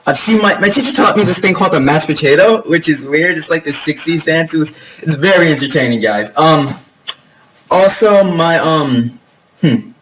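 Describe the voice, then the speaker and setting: Young guy from new york rambling to the camera, kinda high voice, swears a lot, lots of ums. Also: moderate pace, a bit bright, low-quality recording. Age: young adult. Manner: chatty, profane storytelling with lots of fillers. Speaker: vlogger. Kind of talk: casual vlog monologue.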